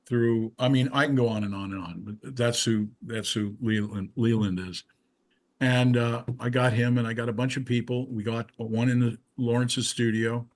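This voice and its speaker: An older male musician in a casual interview, telling rambling stories with frequent restarts and asides. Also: mid-range voice. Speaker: musician guest.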